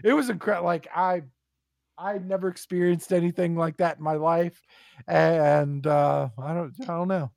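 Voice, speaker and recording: Gravelly high-voiced man telling profane stories. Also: measured pace, no echo. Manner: profane, animated storyteller. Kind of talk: casual podcast chat.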